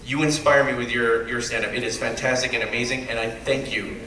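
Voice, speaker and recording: A man's voice: mid-range voice, fairly quick. A man performing live stand-up at a convention, animatedly acting out the people in his story. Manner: animated, acts out other people's lines. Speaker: stand-up comedian. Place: convention panel room with a live audience. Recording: echoey room, distant mic, audience noise.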